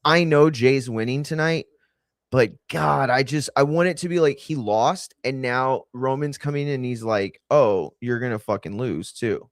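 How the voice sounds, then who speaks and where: A man's voice: mid-range voice, a little slow, dry recording, studio quality. A man hosting a watch-along stream, chatting casually in a rambling, sarcastic and exasperated way. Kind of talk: casual chat.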